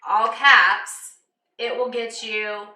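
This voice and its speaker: A woman's voice: fairly high pitch, steady tone, slow pace, pushed and bright. A woman with a Southern American accent, co-hosting a live cocktail show in casual chat, laughing often. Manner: chatty, laughs often, says y'all. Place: home kitchen, roomy. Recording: echoey kitchen, distant mic, faint noise.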